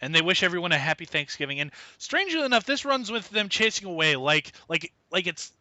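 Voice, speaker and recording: A man co-hosting a casual wrestling review podcast, animated and fond of putting on mocking voices. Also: sits high, a little fast, no echo. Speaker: podcast co-host. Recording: dull lo-fi podcast mic.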